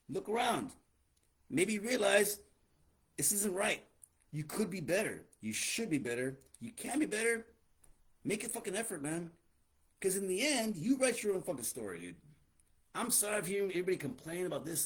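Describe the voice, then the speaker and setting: A man's voice: sits high, husky. A man in his forties hosting a podcast, lecturing bluntly with lots of swearing. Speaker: podcast host. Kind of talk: casual podcast rant.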